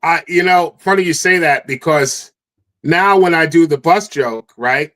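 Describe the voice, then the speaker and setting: Animated higher-voiced male comedian. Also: unhurried. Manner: animated storyteller, acts out his stage bits. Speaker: comedian guest. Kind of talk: casual podcast chat.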